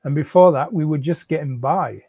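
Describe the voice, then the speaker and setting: A man's voice: fairly high pitch, moderate pace, dark tone, breathy edge, dry recording. A man in a live reading, voicing a defensive, pleading unemployed husband and father.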